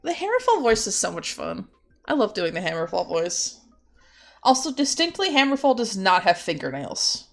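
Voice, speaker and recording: A woman's voice: mid-range voice, very animated, moderate pace, faint music behind. A young woman chatting casually while she draws on stream. She giggles and swears freely. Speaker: streamer and artist.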